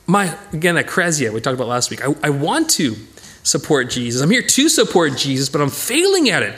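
A man teaching a casual Bible study, who talks in a lively way and acts out the people in the story. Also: fairly high pitch, brisk. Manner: animated, acts out voices of the characters.

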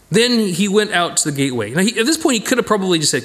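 A man leads a casual Bible study. His fairly high voice swoops up and down as he acts out the people in the story. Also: rapid-fire, hardly any pauses. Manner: animated, acts out voices of the characters.

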